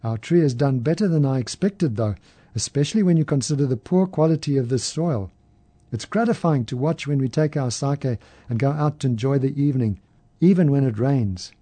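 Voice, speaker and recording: Storybook role: man playing a beaming old gentleman in his seventies, easygoing and talkative. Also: medium pitch, normal speed, lightly acted. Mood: warm delighted. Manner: easy, beaming, chatty.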